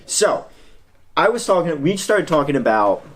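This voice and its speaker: A man's voice: on the high side, sing-song, moderate pace, slight background noise. A man co-hosting a casual podcast, joking and easygoing. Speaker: podcast co-host.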